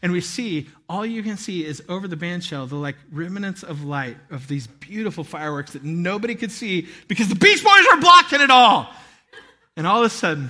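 A man in his thirties preaching a sermon, telling a lively story with acted-out shouts and laughter. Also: high voice. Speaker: pastor.

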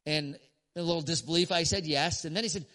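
A pastor shares a sermon story with the congregation, his bright and slightly high voice echoing with long reverb around a big hall. He stops for emphasis at points and breaks into laughter occasionally.

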